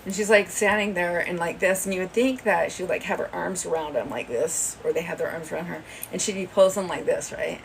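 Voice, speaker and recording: A woman's voice: lowish voice, brisk, vocal fry, hardly any pauses, far from the mic, slight background noise, poor audio. A woman hosting a livestream, telling a rambling, gossipy story in a chatty way. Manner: rambling, chatty, often laughing. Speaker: livestream host. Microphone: phone.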